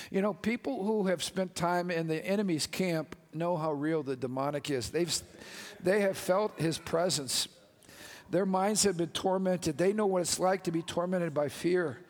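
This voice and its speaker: A man's voice: on the high side, big-room sound. A male pastor preaching a passionate, exclamatory sermon to his congregation in a church sanctuary.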